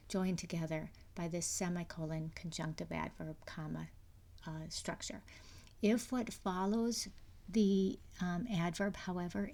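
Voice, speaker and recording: Creaky-voiced woman lecturing on grammar. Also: fairly low pitch, darkish tone. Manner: explanatory, frequent fillers and restarts, sometimes drops to a whisper. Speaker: university English instructor. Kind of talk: recorded lecture.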